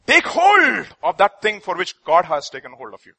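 Husky, high-voiced male preacher. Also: huge pitch swings, moderate pace, sharp tone, no room sound. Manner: emphatic, repeating key phrases. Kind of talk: sermon with storytelling.

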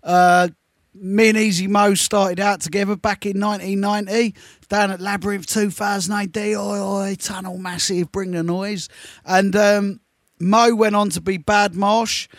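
High-voiced man, chatty radio DJ. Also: flat delivery, moderate pace, no echo, clean studio sound. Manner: chatty, storytelling, slangy shout-outs. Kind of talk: live radio show chat. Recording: faint music behind.

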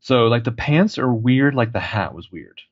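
Casting note: mid-pitched man, relaxed jokey co-host, dry and slightly muffled recording. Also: moderate pace, slightly rough, no echo. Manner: easygoing, jokey asides. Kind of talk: casual commentary on behind-the-scenes footage. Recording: dull lo-fi sound.

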